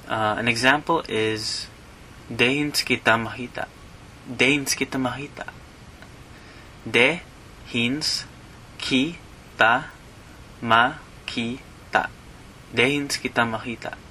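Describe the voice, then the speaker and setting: Man, slow teaching delivery, bright tone, repeats each word, um and uh fillers. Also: medium pitch, slight background noise, low-quality recording. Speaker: language teacher. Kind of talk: slow teaching of slang words.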